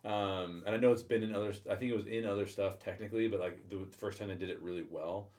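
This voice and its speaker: Low-voiced guy on a movie podcast, hesitant, lots of ums, thinks out loud. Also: steady tone, fast. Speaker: podcast co-host. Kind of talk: casual chat.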